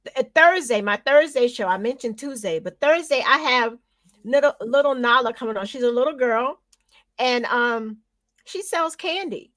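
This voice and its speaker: A woman's voice: on the high side, expressive, moderate pace, a bit bright, no echo. A woman hosting a live-streamed talk show, chatting casually with her co-host and laughing often.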